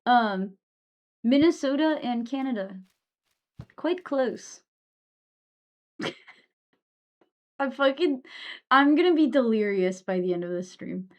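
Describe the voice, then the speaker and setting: Young woman, slightly high voice, sleepy, yawning, casual game stream chat, swears a lot. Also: lively intonation, takes it slowly, pauses often, darkish tone. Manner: casual, swears often, chats to viewers. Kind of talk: casual live-stream chat while gaming.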